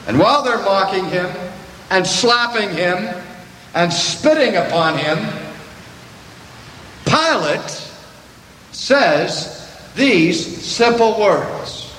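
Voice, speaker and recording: An older man preaching a sermon to a gathering, slow and deliberate with dramatic pauses. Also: high voice, lively intonation, a bit bright, slight background noise. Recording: echoey hall from a distance.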